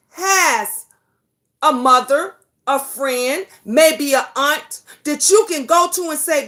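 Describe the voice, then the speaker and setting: A woman's voice: sits high, expressive, slow, a bit bright. A woman hosting a livestream talk show, speaking fervently, swearing freely, addressing viewers by name, and hammering home repeated rhetorical questions. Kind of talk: impassioned casual livestream talk.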